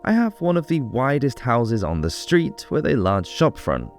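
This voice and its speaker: A man reading aloud in his own voice as a prosperous medieval Parisian master baker, calmly telling of his trade with pride. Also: mid-range voice, moderate pace, faint music behind. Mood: proud. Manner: calm first-person storytelling, proud of his trade.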